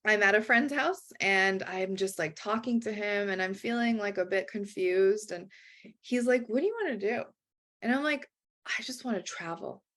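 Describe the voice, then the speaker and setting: A woman talking in an easy, conversational way as an interview guest. She tells her story with lively swings in her voice and briefly takes on other people's voices when she quotes them. Her pitch sits in a middle range. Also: normal speed. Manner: animated, acts out quoted dialogue.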